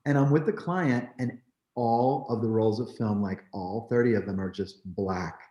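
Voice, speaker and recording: A man from New Jersey, a photographer, telling his story in an animated, candid way, peppering his talk with "like" and "you know.". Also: lowish voice, normal speed. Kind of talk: storytelling in a conversation. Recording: roomy echo.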